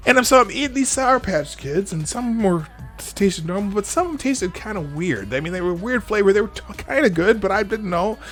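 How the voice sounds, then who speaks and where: A man hosting a live show, telling a rambling story in a casual, animated way with lots of restarts. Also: high-pitched, brisk, soft background music. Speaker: show host.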